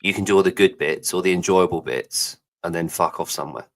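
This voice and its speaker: A man's voice: deep voice, a little fast, creaky. A man co-hosting a live podcast, rambling, jokey and swearing freely in casual chat. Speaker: podcast co-host.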